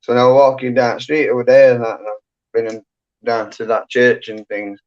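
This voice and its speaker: A man's voice: medium pitch, steady tone, normal speed. A man hosting a casual livestream chat from home, rambling and full of fillers. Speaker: livestream host. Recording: dull lo-fi sound.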